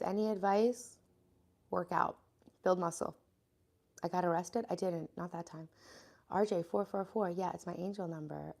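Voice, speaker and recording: Chatty American woman streamer, low and gravelly, stuffed-up from a cold, greets her chat by name. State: congested, sniffling. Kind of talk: casual live-stream chat.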